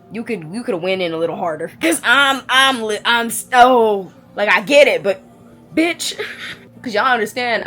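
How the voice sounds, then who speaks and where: A woman in her twenties giving blunt, expressive reactions in a casual reading vlog. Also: medium pitch. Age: 20s. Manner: candid, blunt and expressive, with slangy asides. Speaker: book vlogger.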